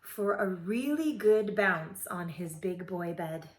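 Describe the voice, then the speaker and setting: A woman teacher reading a children's picture book aloud with expressive, playful storytelling. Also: lowish voice, takes it slowly. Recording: roomy echoey room.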